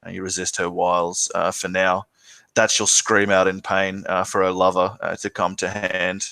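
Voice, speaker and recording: Male game master, low steady voice, descriptive and halting with fillers. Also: vocal fry, dry recording. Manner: descriptive narration with frequent filler words. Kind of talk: narrating a tabletop game.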